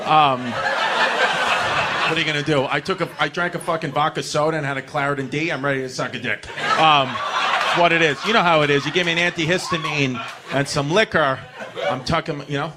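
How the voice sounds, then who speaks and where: A man's voice: fairly high pitch, fairly even intonation, a little fast, a loud crowd. A man, telling a rambling, profane stand-up story to a club audience. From New York City. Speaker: stand-up comedian.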